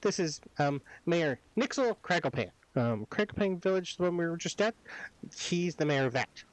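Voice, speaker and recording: Earnest villager, raised and lively, as a game master plays him. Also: male voice, a little high, moderate pace, no room sound, voice pushed up, lightly acted.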